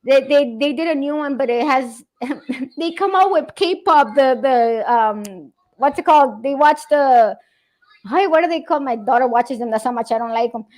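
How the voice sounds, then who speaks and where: A woman chatting casually about her kids, animated and laughing often, swearing freely as she tells stories. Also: sits high, moderate pace. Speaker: parent guest in a chat. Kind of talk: casual chat.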